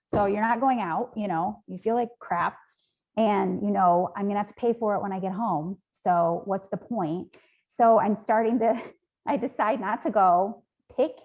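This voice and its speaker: In a conversational interview, a woman with a mid-range, darkish voice talks as a guest. She is the founder of a nonprofit, and her earnest, meandering speech is full of ums and likes.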